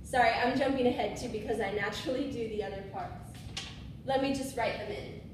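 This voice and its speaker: A woman with a slightly high, fairly quick voice casually teaches musicians swing phrasing, correcting herself and singing syllables as demonstration. She's in a room with a board, recorded from a distant mic in an echoey space with slight background noise.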